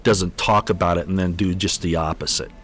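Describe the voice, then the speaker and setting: A man with a very low voice hosting a livestream. He rambles off the cuff, stumbling and restarting with repeated words, and sounds exasperated. He is on a computer mic. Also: steady tone, fairly quick, a bit bright. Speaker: livestream host. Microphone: computer mic on an unsteady connection.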